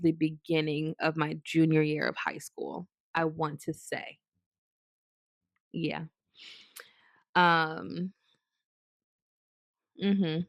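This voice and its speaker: Young woman, lowish voice, dry close sound, chatty rambling storytime vlogger. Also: no echo. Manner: rambling, filler-heavy, animated quoted asides. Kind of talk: casual storytelling to camera.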